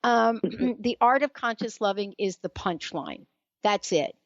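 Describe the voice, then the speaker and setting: A woman's voice: medium pitch, expressive, measured pace, dry recording, muffled recording. A woman with a New York accent hosting a talk radio interview, enthusiastic and chatty, laughing easily. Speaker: radio show host.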